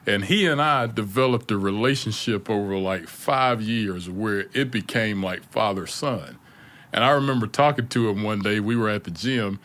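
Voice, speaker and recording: Man with a deep smooth voice. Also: moderate pace. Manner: animated storyteller, laughs often, acts out quotes. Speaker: podcast co-host. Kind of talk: casual storytelling chat.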